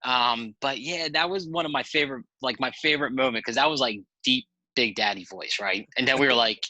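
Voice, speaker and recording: Male guest, relaxed rambling talker who swears casually; very bright voice, dry recording. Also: mid-range voice, brisk, no echo, poor audio. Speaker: podcast guest. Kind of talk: casual storytelling chat.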